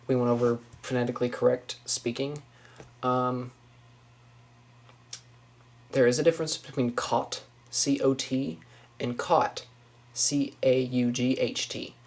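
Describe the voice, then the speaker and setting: A young woman from Northwest Florida speaks with a Southern accent at a slow, easy pace. She talks casually from her apartment, saying a word and then reflecting on how she pronounces it. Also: very deep voice, little pitch movement, darkish tone. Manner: musing, says each test word then comments on it. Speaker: vlogger. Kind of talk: casual accent-tag video. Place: small apartment indoors.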